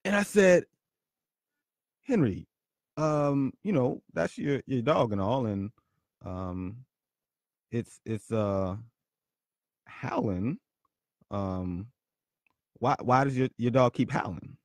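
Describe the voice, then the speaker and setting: A man hosting his own podcast, telling a story in a punchy, animated way and often repeating words. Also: medium pitch, slow pace, long pauses, no room sound, clean studio sound. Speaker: podcast host. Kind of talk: storytelling monologue.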